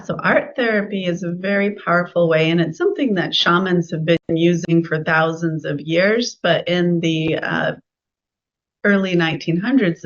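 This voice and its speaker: A Californian woman with a fairly low voice answers interview questions as a guest, chattily and enthusiastically explaining her work as an art therapist. The recording has its highs cut off.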